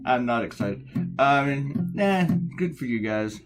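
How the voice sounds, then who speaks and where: A middle-aged American man talks through his drawing session in a loose, rambling way, tossing in sarcastic asides. His voice sits at an average pitch, and guitar music plays clearly under his talk. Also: lively intonation, measured pace. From United States. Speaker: cartoonist. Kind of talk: casual chat while drawing.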